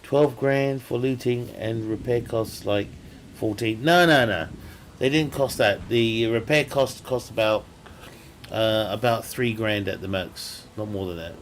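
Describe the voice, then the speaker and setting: A man's voice: lowish voice, measured pace, slight background noise. Jokey man streaming a game. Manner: rambling, jokey, laughs often. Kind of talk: casual chat while gaming.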